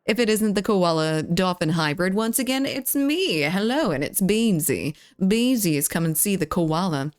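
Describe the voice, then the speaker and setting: Young woman streamer chatting w/ chat, kinda rough voice, playful, dry no-room sound. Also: fairly low pitch, dry recording. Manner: chatty and playful, greets viewers by name. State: slightly rough voice. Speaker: live streamer. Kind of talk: casual live-stream chat, reading chat aloud.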